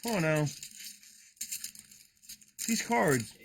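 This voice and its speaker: Excitable profane man with a lively voice. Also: fairly high pitch, drawn-out words, creaky, husky. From New Jersey. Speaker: card-breaking streamer. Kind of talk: casual live card-opening chat.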